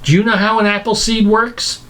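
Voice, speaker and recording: A man's voice: high voice, little pitch movement, normal speed, sharp tone. A man preaching a lecture-style sermon, emphatic and full of rhetorical questions.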